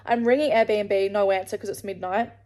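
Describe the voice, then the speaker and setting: A woman's voice: medium pitch, fairly even intonation, normal speed, dark tone. An Australian woman vlogging to camera, telling a rambling travel story and swearing freely along the way. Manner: rambling, swears freely, restarts mid-sentence.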